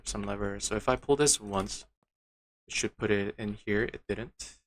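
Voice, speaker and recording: A man's voice: lowish voice, moderate pace, a bit bright, slight background noise. A man streaming a game, muttering to himself with frustrated, disbelieving outbursts. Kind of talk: casual gameplay commentary.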